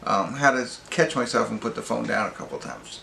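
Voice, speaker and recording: A man's voice: lowish voice, very animated, fairly quick, vocal fry, sharp tone, reverberant, a little hiss or hum. A man giving a casual, rambling movie review, full of fillers and restarts. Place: pub.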